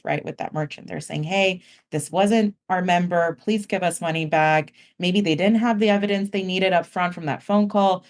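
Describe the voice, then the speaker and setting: A woman's voice: medium pitch, darkish tone. A woman guest on a podcast interview, explaining casually and filling her talk with "like" and acted-out customer voices. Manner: casual, heavy use of "like", acts out customers' words. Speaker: guest, company founder. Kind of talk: conversational explanation.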